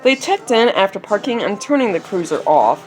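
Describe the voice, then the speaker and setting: Woman storyteller, story reading, lively pitch, faint music behind. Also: brisk, poor audio. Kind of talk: reading a story aloud with casual asides.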